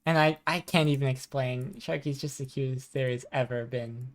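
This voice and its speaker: A woman with a low, soft voice chats her way through a live game stream. She talks loosely and warmly to her chat, reading their messages aloud into a desk microphone. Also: fairly even intonation, normal speed. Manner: chatty, soft-spoken, reads chat aloud. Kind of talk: casual live gaming chat.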